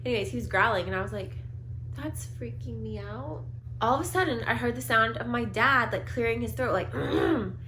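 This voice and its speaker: A chatty young woman telling spooky stories in a casual vlog, her voice bright and forceful. She pads her sentences with "like" and laughs easily. A faint hiss sits under the voice. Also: a little high, brisk. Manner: chatty, lots of "like", laughs often. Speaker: vlogger, co-host. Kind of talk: casual storytelling.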